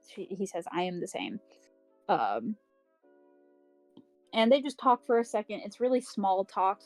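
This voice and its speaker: Slow, rambling woman recapping a book. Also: medium pitch, warm tone, no echo, low-quality recording. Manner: rambling recap full of "um" and "like", with swearing; acts out characters' lines in quick paraphrase. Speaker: podcast co-host. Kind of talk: casual book club chat.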